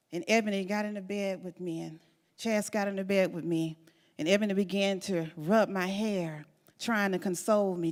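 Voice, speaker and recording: A woman's voice: mid-range voice, a little mellow. A middle-aged woman giving a church testimony as guest speaker, telling her story dramatically with repetition and emphatic rises. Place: church sanctuary. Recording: long church hall reverb.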